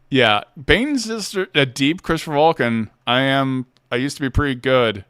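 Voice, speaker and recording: A playful man hosting a casual livestream Q&A. His voice is very lively and bounces up and down in pitch. The sound is close and dry, with no room echo. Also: normal speed, hardly any pauses, clear, resonant tone. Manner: animated, playful, laughs often. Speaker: host.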